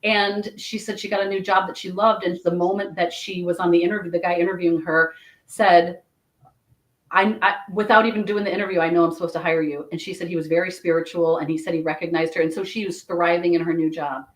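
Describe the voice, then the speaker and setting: A woman's voice: fairly low pitch, quick pace, poor audio. Chatty woman telling a reading story. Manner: chatty, animated storytelling with many restarts. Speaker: Akashic Records reader. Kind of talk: casual storytelling in a podcast chat.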